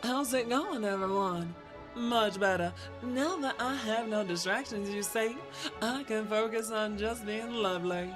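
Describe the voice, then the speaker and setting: A woman's voice: medium pitch, a little slow, over music, close to an everyday voice. A woman streamer doing a Southern belle impression, drawling sugary compliments. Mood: sugary, flirtatious. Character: genteel flirtatious Southern belle lady.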